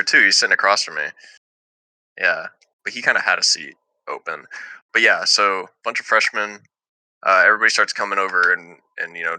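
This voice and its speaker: A man's voice: low-pitched, sharp tone, no echo, poor audio. A young man telling a heated story to friends in casual chat, swearing freely and laughing often.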